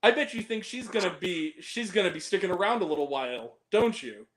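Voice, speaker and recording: A man's voice: high voice, animated, a little fast, fairly bright tone. A man quoting a charming young male rogue who speaks smugly to the camera in asides. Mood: smug confiding. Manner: smug, conspiratorial asides.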